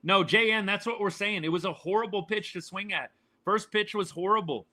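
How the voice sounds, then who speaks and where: A man's voice: sits high, brisk, sharp tone. A man hosting a live sports reaction stream, talking to his chat in a fired-up, exasperated way and repeating his points.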